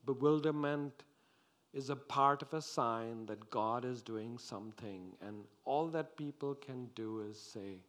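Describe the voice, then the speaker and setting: Slow, dramatic male preacher. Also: medium pitch. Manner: slow, dramatic preaching that swings from loud to hushed. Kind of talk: sermon.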